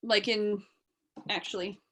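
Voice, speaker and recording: A woman's voice: mid-range voice, fairly even intonation, slow, sharp tone. A woman actor with a Canadian accent, answering interview questions in a casual live video chat, thoughtful and rambling with plenty of fillers and restarts. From East Coast of Canada.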